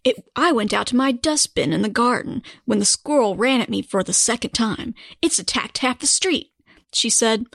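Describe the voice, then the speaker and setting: A woman's voice: fairly high pitch, animated, normal speed, gravelly, fairly bright tone, dry recording, clean studio sound. A woman co-hosting a podcast, reading news stories aloud in casual chat. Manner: reads articles aloud with frequent laughs. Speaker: podcast co-host.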